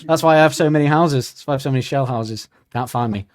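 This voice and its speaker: A man's voice: mid-range voice, brisk, dry recording, studio quality. A man co-hosting a podcast, joking crudely and laughing often in casual chat. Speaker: podcast co-host.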